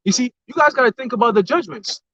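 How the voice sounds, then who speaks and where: A man in casual talk with a co-host, telling stories with animated acted-out quotes. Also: very high voice, quick pace, dry recording. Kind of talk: casual religious talk chat. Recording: dull lo-fi sound.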